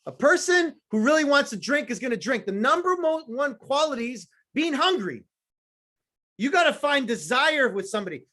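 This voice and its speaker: A man's voice: very high voice, big pitch swings, normal speed, pushed and bright. A man giving a blunt, profane, fired-up motivational talk to a sales team, with punchy repeated phrases and teasing remarks to the audience. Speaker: motivational speaker.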